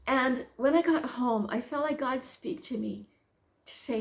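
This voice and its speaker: A middle-aged woman teaching the Bible, telling a personal story as a lively storyteller who acts out her own thoughts, then turning it into earnest, gentle encouragement. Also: sits high, unhurried, creaky.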